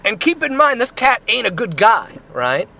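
Against a noisy street with passing cars, a man gives an informal Christian testimony, earnest and rambling, restarting often and saying "right?" and "you know" a lot. His very high-pitched, sing-song voice moves at a moderate pace, bright and forceful with vocal fry.

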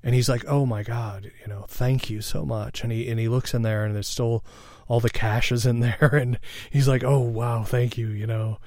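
A man's voice: medium pitch, fairly even intonation, a little mellow, no echo, clean studio sound. A man preaching a sermon in a conversational, reflective way, sharing a personal story and often checking in with "all right?". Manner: reflective, meditative pauses.

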